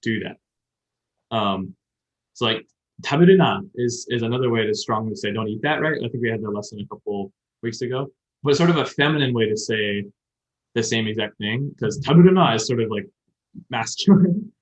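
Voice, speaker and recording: A man's voice: lowish voice, fairly quick, fairly bright tone. A man hosting a podcast, explaining grammar at length in a casual chat and thinking aloud as he goes. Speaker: podcast host teaching Japanese. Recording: dull lo-fi sound.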